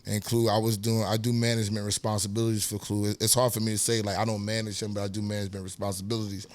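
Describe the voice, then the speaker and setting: A man's voice: lowish voice, racing, no echo. A man from New York with a New York accent, a podcast guest telling stories in a casual, profane way and acting out what others said. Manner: animated, profane, acts out quotes in a raised voice. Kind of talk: casual storytelling interview.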